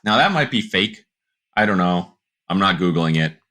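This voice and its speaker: Man, podcast co-host, very low voice, bright edge, animated storyteller. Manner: animated storyteller doing quick character voices. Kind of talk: casual chat, telling a long joke.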